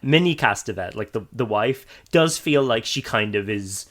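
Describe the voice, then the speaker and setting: A man's voice: fairly low pitch, animated, normal speed, a bit bright. An Irish man co-hosting a podcast, chatting loosely about a film, laughing often and restarting his sentences. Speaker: podcast co-host. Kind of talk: casual film discussion.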